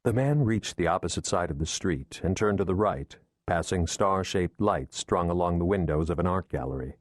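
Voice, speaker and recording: A man narrating a thriller audiobook in a measured, steady storytelling manner. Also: low-pitched, dry recording, studio quality.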